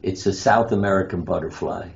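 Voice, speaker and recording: Deep-voiced man telling stories, dull lo-fi sound. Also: brisk, creaky. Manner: anecdotal, acts out quoted lines. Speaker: guest, pediatric surgeon and author. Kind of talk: interview storytelling. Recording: dull lo-fi sound with faint noise.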